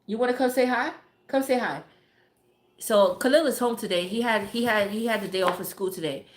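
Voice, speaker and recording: A woman's voice: a little high, brisk. Blunt, profane woman ranting in an echoey room. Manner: blunt, profane, greets viewers by name. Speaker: live-stream host. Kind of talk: casual live-stream rant.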